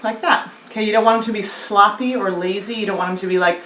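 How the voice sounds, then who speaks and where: A woman's voice: mid-range voice, fast talker, distant mic. Woman voice teacher, casual and chatty, sings little scales to demo, roomy echo. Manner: demonstrates with sung scales and hissed S sounds; relaxed, chatty explaining with fillers. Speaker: vocal coach. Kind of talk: singing lesson. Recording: echoey room with faint noise.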